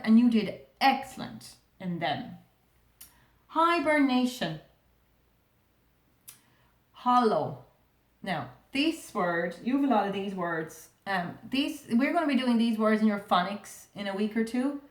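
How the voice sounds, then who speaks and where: An Irish woman teaches a young class to read, speaking at an everyday middle pitch. She is patient, sounds words out slowly and keeps asking the children questions. Her voice rings a little in an echoey room. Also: animated. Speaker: primary school teacher. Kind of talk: recorded remote reading lesson.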